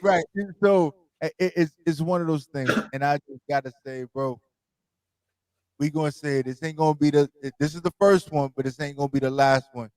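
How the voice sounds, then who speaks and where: Upbeat New York host, dry close sound. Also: male voice, a little high, a little fast, a little mellow, no room sound. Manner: loose, laughing, repeats words. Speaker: radio show host. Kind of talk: casual interview chat.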